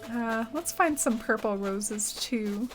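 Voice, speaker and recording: A woman's voice: a little high, slow, poor audio. A young adult woman streaming a game, chatting casually and reading chat aloud, rambling with lots of "like" and "uh". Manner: chatty, rambling, heavy use of "like" and "uh". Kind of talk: casual chat while playing.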